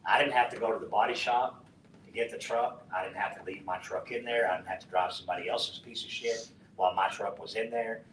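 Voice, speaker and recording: A middle-aged man from West Texas, telling a profane, animated story to a conference audience and acting out the dialogue. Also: brisk. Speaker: conference speaker. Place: conference hall. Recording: roomy, distant mic with faint rumble.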